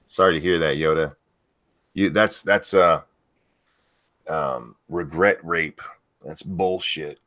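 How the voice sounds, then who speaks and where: A low-voiced man hosts a live-stream news rant. He talks bluntly and sarcastically and swears freely. His voice jumps up loud when something annoys him. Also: takes it slowly, pauses often. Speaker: streamer host reading news.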